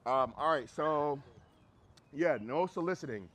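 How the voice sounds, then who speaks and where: A man's voice: on the high side, expressive, measured pace, fairly bright tone. A man teaching a group dog training class, talking bluntly and casually and repeating phrases for emphasis. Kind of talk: group class instruction outdoors.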